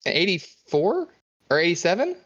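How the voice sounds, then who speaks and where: A man's voice: high voice, wildly swooping pitch, normal speed, a bit bright, slightly rough. A man co-hosting a podcast in casual chat, laid-back and agreeable with jokey asides. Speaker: podcast co-host. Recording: muffled lo-fi recording.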